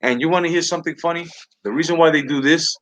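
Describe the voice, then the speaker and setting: A man's voice: a little high, fast, a bit bright, a little hiss or hum. A man hosting a live talk stream, ranting heatedly and profanely, with many restarts and repeated words. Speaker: livestream talk show host. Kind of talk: heated political rant to a live chat.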